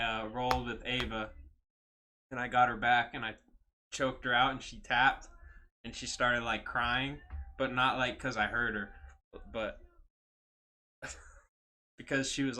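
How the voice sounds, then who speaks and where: A man's voice: mid-range voice, pushed and bright. A young man co-hosting a podcast, telling stories in casual chat, swearing freely and laughing often. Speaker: podcast co-host.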